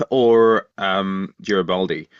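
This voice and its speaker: A low-voiced man co-hosts a podcast in a casual chat, frequently restarting sentences and tossing questions back. His tone is slow, clear and resonant, and the slightly muffled, lo-fi audio carries almost no room sound.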